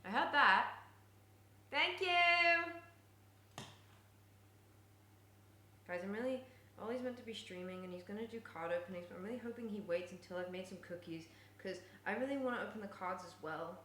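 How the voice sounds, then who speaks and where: A young woman live-streaming while she bakes at home, chatting casually and often cooing at her cat in a high sing-song voice. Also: moderate pace, pauses often, sharp tone, a little hiss or hum. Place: home kitchen. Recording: echoey kitchen room sound.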